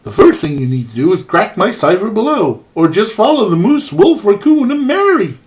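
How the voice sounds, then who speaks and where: A man voicing a jolly old male woodsman in a deliberately bad put-on Canadian accent, reading game text aloud. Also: a little high, very animated. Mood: hearty.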